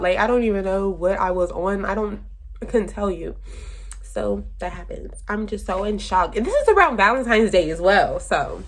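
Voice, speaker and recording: A young woman tells a storytime in a loose, chatty way, stacking fillers and addressing her viewers. Her pitch swings widely up and down as she dramatizes. She speaks from a room at home, keeping it casual. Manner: chatty and dramatic, lots of "like" and "y'all". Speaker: vlogger. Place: room with her sister asleep behind her.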